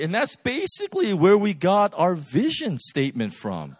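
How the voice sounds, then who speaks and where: A man preaching a sermon, telling stories in a lively, animated way with laughs. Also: sits high, a little slow, few pauses, no echo. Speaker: pastor. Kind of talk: sermon storytelling.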